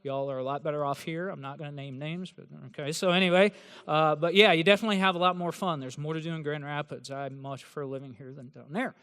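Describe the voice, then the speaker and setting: A man with a fairly high, resonant voice gives a joking talk to a room of new students. He teases them in a sarcastic way, and his words ring out with the long reverb of a big hall. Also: steady tone, fast, fairly bright tone, clean tone. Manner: sarcastic, teasing, joking delivery. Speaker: university professor. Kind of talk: humorous address to new students. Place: large hall with an audience.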